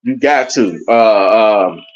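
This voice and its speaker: A man's voice: on the low side, animated, slow pace. A man talking as a podcast guest, telling a story in an emphatic, profane way. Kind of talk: casual podcast conversation. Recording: dull lo-fi audio.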